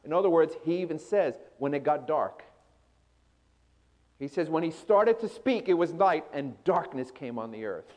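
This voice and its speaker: Preacher guy with a high voice, super dramatic sermon, swings loud to hushed. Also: expressive, moderate pace. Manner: dramatic, voicing scripture with swelling intensity.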